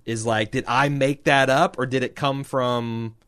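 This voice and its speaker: A man's voice: medium pitch, steady tone, unhurried, a bit bright, clean tone, dry recording, studio quality. A man co-hosting a podcast, reading listener emails aloud in casual, joking banter and tripping over names.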